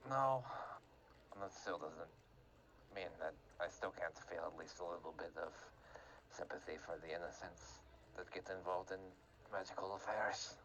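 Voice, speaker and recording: A man's voice: sits low, moderate pace, fairly bright tone, slight background noise, low-quality recording. A man chatting casually with his gaming group, rambling and self-deprecating, with fillers and laughs. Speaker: player in tabletop game group. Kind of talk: casual chat after a session.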